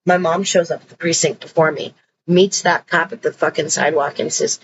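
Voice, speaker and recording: A woman's voice: low voice, fairly even intonation, fairly quick, muffled recording, a little hiss or hum. Blunt, swearing woman telling her story. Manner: blunt, emphatic, swears freely. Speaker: storyteller recounting her own experience. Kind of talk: casual personal storytelling.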